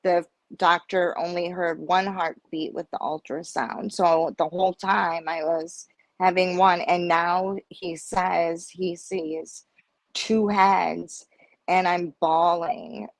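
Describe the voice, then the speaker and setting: Her voice sits on the low side and moves at a slow pace, captured without any room sound. As a guest on a panel chat, this middle-aged woman tells a personal story with lively flair, voicing the other characters herself.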